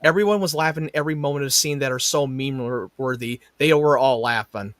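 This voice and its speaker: A man chatting casually on a stream, animated and joking, with some swearing. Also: medium pitch, fairly quick, no echo, clean studio sound. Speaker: co-host guest. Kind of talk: casual chat.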